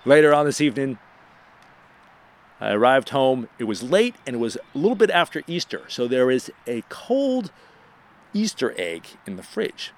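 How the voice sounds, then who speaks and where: This is a man hosting his own small radio show and telling a casual story about himself. He pokes fun at himself and his voice moves a lot, climbing high when the story gets exciting. His pitch sits in the middle range for a man. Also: moderate pace. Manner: animated, self-deprecating, rises in pitch when excited.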